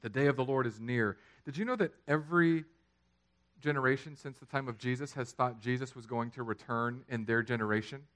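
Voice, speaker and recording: A man, preaching a sermon that swings from loud, emphatic lines to quiet, low ones. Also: fairly quick. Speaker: pastor.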